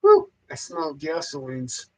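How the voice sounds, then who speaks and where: A man talks on his livestream in a loose, rambling way, repeating himself and swearing constantly. His voice sits high, and he swings it up and down with a lot of animation as he grumbles. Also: wildly swooping pitch, slow pace, poor audio. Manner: profane, ranting, heavy swearing. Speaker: livestream host. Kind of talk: casual rambling livestream monologue.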